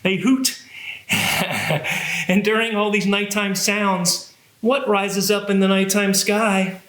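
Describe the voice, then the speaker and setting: Man, children's librarian, high voice, cheerful sing-song, roomy echo. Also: flat delivery, unhurried, fairly bright tone. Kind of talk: children's music and movement program.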